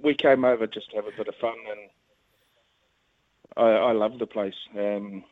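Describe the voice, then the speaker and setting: A man's voice: lowish voice, fairly even intonation, normal speed, no room sound. A man from New Zealand with a Kiwi accent, a guest chatting and rambling happily on the radio by phone. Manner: chatty, rambling, laughs easily. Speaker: guest, rugby league club executive. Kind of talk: casual phone interview. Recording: tinny phone line.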